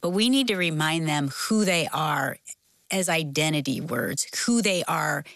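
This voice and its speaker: An older woman co-hosting a relaxed studio podcast, full of animated storytelling. Her voice sits a bit low but sounds bright and crisp. The close mic keeps the sound dry, with no room around her. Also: measured pace, no room sound. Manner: animated storytelling, laughs often. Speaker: co-host. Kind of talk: casual podcast chat.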